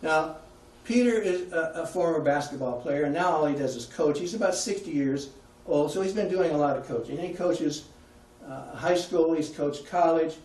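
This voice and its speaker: A man's voice: fairly high pitch, moderate pace, a little mellow, distant mic. A man giving a conversational public talk, putting questions to his audience. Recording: echoey room, heard from afar.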